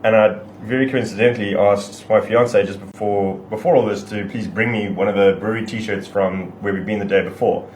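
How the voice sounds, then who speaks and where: A South African man telling a long, excitable anecdote in a casual podcast chat. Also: fairly low pitch, a little fast, hardly any pauses, reverberant, slight background noise, low-quality recording. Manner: excitable, rambling anecdote teller.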